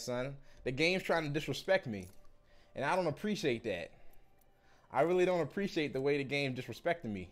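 A young man, streaming a game pack opening with animated, slangy, swearing commentary. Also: medium pitch, normal speed.

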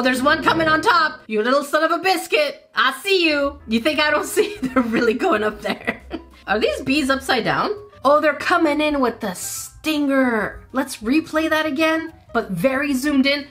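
A woman hosting a casual let's-play, giggly and excitable, talking to the game and the dog on screen. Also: sits high. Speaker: gaming channel host.

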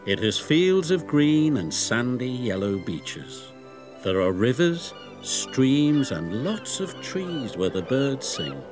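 Animated storybook narrator, man. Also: mid-range voice, takes it slowly, music in the background. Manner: animated, storyteller's sing-song.

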